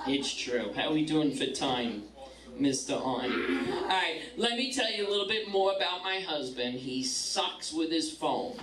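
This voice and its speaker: A woman's voice: low voice, sing-song, unhurried, roomy sound, far from the mic, over a noisy crowd, rough recording. A middle-aged woman doing a stand-up comedy set, brash and profane, landing punchlines.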